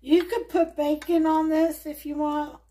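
High-voiced, unhurried woman cooking. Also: level tone, mellow. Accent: mix of Southern US and New York. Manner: chatty, laid-back, narrates while working. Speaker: cooking show host. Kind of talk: casual cooking demonstration. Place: home kitchen.

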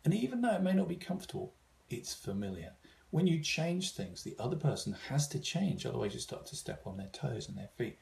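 A man's voice: medium pitch, very animated, a little fast, gravelly, darkish tone. A man giving an informal seminar talk, thoughtful, with frequent fillers and restarts. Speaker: seminar speaker.

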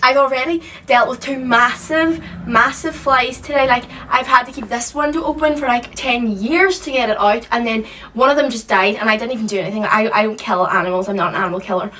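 A woman's voice: fairly high pitch, brisk, few pauses, pushed and bright, far from the mic, a little hiss or hum. A young woman hosting a casual reaction video from a room at home, chatty and emotional as she gushes over what she watches. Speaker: reaction channel host. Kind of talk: casual reaction vlog chat. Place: room at home with skylight window.

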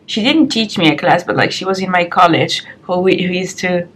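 A woman's voice: fairly low pitch, fairly quick, a bit bright, a little hiss or hum. A young woman vlogging frankly and chattily as she does her makeup at home, recorded on the compact camera's built-in mic. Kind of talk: get-ready-with-me advice vlog.

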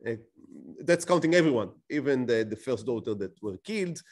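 Animated man teaching with rhetorical questions. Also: mid-range voice, a little fast. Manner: explains with rhetorical questions, frequent restarts. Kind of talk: lecture to a class.

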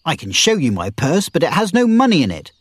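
A man's voice: on the high side, wildly swooping pitch, brisk, breathy edge, dry recording, voice pushed up, full character voice. A man voicing a proud, tough young swordsman who talks in a blunt, defiant way.

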